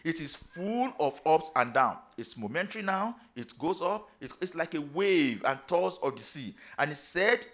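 A man's voice: a little high, very animated, moderate pace, few pauses. Preaching man with emphatic declarations. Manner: preaching with emphatic rising declarations and repeated phrases. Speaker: pastor. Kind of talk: sermon.

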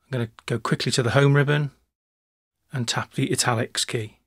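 A man narrating a screencast software tutorial, talking through each step in a relaxed way with small restarts. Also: mid-range voice, normal speed, breathy edge, dry recording, studio quality.

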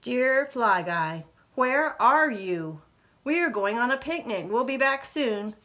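A woman voicing a cheerful young boy in a read-aloud storybook, excited and bright. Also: a little high, takes it slowly. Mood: gentle.

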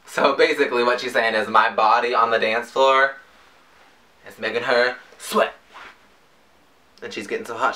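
A man reviewing song lyrics in a casual, jokey way, breaking into high yelps. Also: fairly even intonation, normal speed, pauses often, pushed and bright. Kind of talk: casual comedic commentary.

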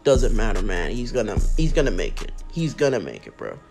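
A man giving casual, excitable commentary over his own mobile basketball game and talking straight to his viewers. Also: lowish voice, brisk, gravelly, soft background music. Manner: excitable, talks to viewers, says man and bro a lot. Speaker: mobile game channel host.

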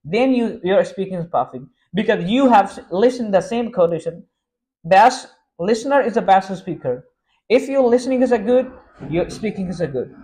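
A Pakistani-accented man whose speaking voice sits high for a man teaches English in an informal lesson. His first language is Sindhi, and he keeps reassuring his students, repeating himself and restarting sentences as he goes. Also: expressive, normal speed, a little mellow. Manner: reassuring, repetitive, frequent restarts.

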